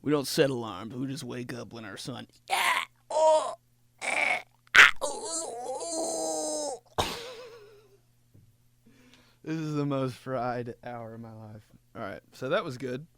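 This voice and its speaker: Young male podcast host, rambling comic storyteller, very animated pitch, dry close sound. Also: takes it slowly, creaky, long pauses, no room sound. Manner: rambling, laughing, fond of voices. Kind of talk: casual comedy podcast chat.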